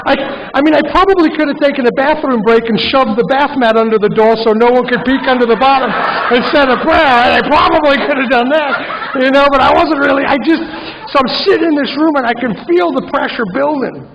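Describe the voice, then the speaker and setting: A man's voice: very high-pitched, a little fast, hardly any pauses, a crowd in the background. A man giving a wry recovery talk at a conference, telling a story and acting out his own inner voice. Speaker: AA conference speaker. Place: large conference hall. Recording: muffled conference hall recording.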